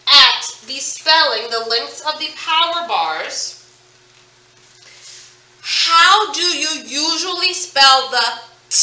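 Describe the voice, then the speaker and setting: Upbeat woman phonics teacher, high bright voice, echoey room a little away from the mic. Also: far from the mic. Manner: upbeat, chatty, drawn-out modeling of words. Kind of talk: online phonics lesson.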